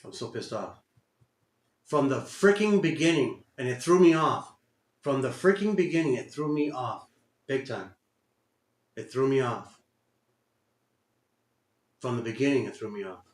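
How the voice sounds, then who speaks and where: A man's voice: mid-range voice, unhurried, long pauses. A man giving live commentary on his own day trades, muttering, cursing and repeating himself in frustration. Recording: roomy echo.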